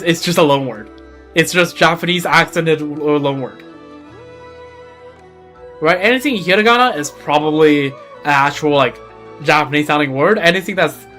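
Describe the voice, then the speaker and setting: A man with a fairly high, sharp-toned voice streams a game, chatting casually. His gameplay commentary rambles, and he repeats words as he thinks.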